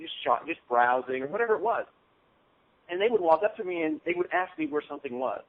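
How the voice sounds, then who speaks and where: Man, motivational coach, casual talk, keeps saying okay, tinny phone audio, fairly high voice. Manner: casual, repeats "okay?" often. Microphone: phone call.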